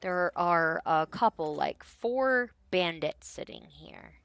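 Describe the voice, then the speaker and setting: A woman's voice: on the low side, expressive, takes it slowly, vocal fry, a bit bright, dry recording. A woman narrating a tabletop game as game master in a casual, rambling way. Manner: casual, lots of fillers.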